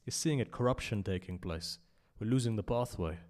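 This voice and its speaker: Low-voiced guy preaching at a memorial gathering, gets loud then goes quiet, very passionate. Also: a little fast. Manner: impassioned, rising to loud emphasis and dropping to hushed asides. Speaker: speaker at a memorial majlis. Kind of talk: sermon with storytelling.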